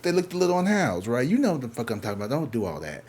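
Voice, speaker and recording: A man with a St. Louis accent telling a swearing-heavy story, casual and animated, acting out what other people said. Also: medium pitch, very fast, slightly rough. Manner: profane, animated, acts out other people's lines. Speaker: tarot reader telling a story.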